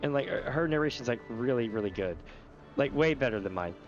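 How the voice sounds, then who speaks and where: A man's voice: mid-range voice, brisk. A man streaming a game, chatting casually with viewers and reading the dialogue aloud. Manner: chatty, giggly, animated. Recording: dull lo-fi stream audio with game music. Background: game music.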